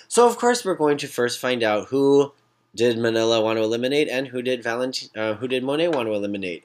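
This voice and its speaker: A man giving a casual, gossipy recap of a reality competition, with sassy asides. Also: medium pitch.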